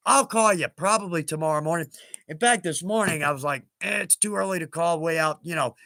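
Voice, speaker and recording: A folksy middle-aged man chats his way through a live stream. His voice sits fairly high and comes across bright and lively. The sound is close and dry. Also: fairly quick, gravelly, no room sound. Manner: chatty, folksy, laughs often. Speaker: livestream host. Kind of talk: casual livestream chat.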